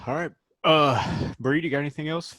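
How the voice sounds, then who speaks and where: A man's voice: on the high side, moderate pace, a bit bright, no room sound, studio quality. A man hosting a podcast, talking casually and laughing often. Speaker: podcast host. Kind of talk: casual chat.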